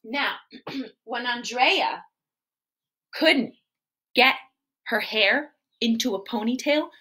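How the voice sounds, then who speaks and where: A woman children's entertainer telling a story to preschoolers in an animated, sing-song way and asking the kids questions. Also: fairly high pitch, slow, pauses often, breathy edge. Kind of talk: preschool storytelling live stream.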